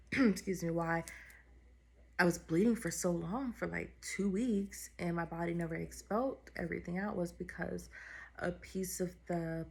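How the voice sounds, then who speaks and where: Candid woman vlogger with a gravelly low voice. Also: a bit bright. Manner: candid, heartfelt, conversational with fillers. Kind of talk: personal vlog story.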